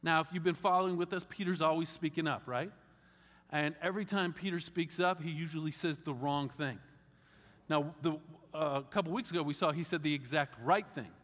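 A man pastor delivers a sermon in a slightly raised voice, conversational and animated, with wry asides to the congregation. His words carry a long reverb from a large hall. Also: on the high side.

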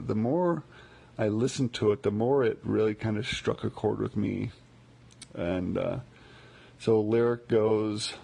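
Low gravelly-voiced man, slow and relaxed. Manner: relaxed, rambling, frequent fillers and repeats. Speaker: music podcaster. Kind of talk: casual spoken music commentary.

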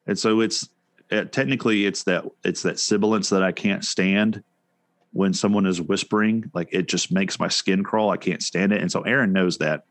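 A man's voice: deep voice, moderate pace, dry recording, clean studio sound. A man co-hosting a casual chat show, talking in a rambling way with many restarts and fillers. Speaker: podcast co-host.

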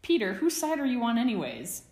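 A woman's voice: on the high side, huge pitch swings, a little fast, a little mellow, roomy sound, voice pushed up. A woman voicing a mild, wry teenage boy wizard in a storybook reading, with a dry, teasing manner.

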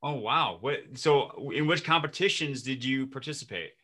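A man's voice: mid-range voice, expressive, moderate pace, bright, forceful tone. A man hosting an interview, asking attentive, encouraging questions. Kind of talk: podcast interview.

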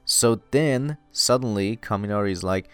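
A man casually recapping an anime episode, excitable and full of "you know" fillers. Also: on the low side, normal speed, smooth, no room sound, faint music behind.

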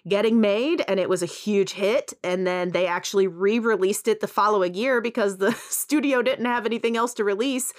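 A woman's voice: mid-range voice, moderate pace, few pauses. Chatty woman retelling a film. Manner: animated, laughing, acts out quoted lines. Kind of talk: casual chat retelling a film.

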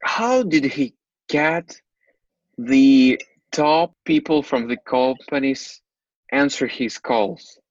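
A woman's voice: a bass voice, animated, slow, darkish tone, no room sound. A woman interviewer who gives brief reactions and asks short follow-up questions in a casual interview. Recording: dull, lo-fi recording.

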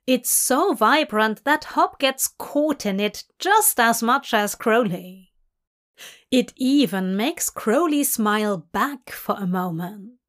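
A woman reading a story aloud in calm, measured narration. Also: fairly high pitch. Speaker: fanfic reader.

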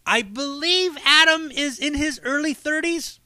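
A man's voice: very high voice, a little slow, sharp tone, no room sound. A man hosting a podcast, telling stories in a profane, rambling, casual monologue with frequent laughs. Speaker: podcast host and comedy show runner.

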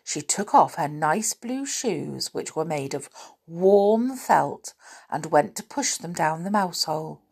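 A woman reading a children's storybook aloud in an expressive, lilting way. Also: sits low, takes it slowly, gravelly, husky.

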